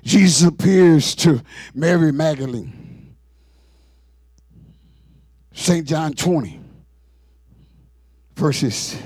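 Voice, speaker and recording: A male preacher delivering an exclamatory sermon, shouting and whooping between scripture readings. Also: a little high, breathy edge, no room sound, studio quality.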